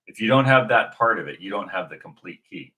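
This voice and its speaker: A man's voice: lowish voice, expressive, brisk, noisy background. A man hosting his own video, reflecting aloud in an unscripted way, often restarting his sentences as he thinks. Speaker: video host.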